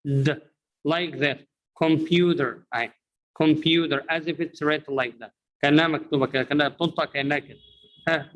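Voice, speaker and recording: A man's voice: fairly high pitch, fairly bright tone, poor audio. A man with an Egyptian accent whose first language is Arabic, teaching an English pronunciation lesson and repeatedly quizzing his viewers.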